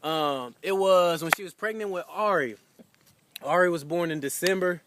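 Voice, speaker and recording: A young man giving a heartfelt anniversary message to his wife, telling a story casually with lots of fillers and animated retellings. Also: fairly high pitch, moderate pace, noisy background.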